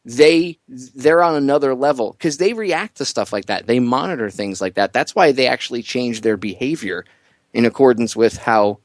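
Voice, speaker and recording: Radio host guy chatting, gets loud and squeaky when joking around, dry close mic. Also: normal speed, no room sound. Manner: animated, voice jumps high when joking. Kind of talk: casual talk radio chat.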